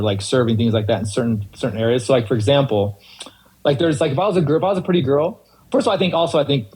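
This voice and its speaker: A man's voice: mid-range voice, a little mellow, slight background noise, low-quality recording. A man guesting on a podcast, chatting casually and ranting animatedly with acted-out quotes. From California. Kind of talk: casual chat.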